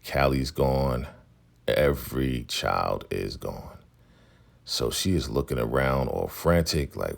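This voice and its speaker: A man's voice: rumbling low, animated, takes it slowly, creaky. A man hosting a casual vlog, chatting through a drama episode and acting out the scenes. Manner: chatty, acts out scenes in voices. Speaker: recap host.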